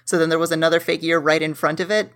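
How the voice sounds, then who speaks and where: A woman with a fairly low voice tells an absurd story as a podcast guest. Her manner is deadpan, and she restarts her sentences now and then. The delivery stays dry throughout. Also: fast talker.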